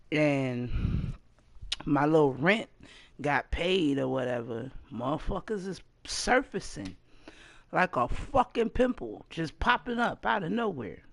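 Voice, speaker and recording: A woman in her late thirties venting straight to the camera in a blunt, profane, sassy rant. Her voice is gravelly and she talks at an unhurried pace, now and then bursting out loud. The sound is close and dry. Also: deep voice, dry recording. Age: 30s. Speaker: vlogger.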